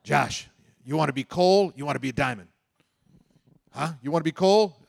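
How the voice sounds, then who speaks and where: A man's voice: on the high side, normal speed, vocal fry, pitched above the performer's own voice. A man putting on a badgering chain-smoking boss. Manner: badgering, in-your-face. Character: pushy chain-smoking male boss, close talker.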